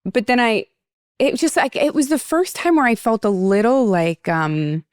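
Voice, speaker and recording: A woman's voice: fairly high pitch, big pitch swings, normal speed, a little mellow, clean tone, no echo, studio quality. A woman hosting a podcast, telling a rambling story in casual chat with many fillers and restarts. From United States. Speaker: podcast host.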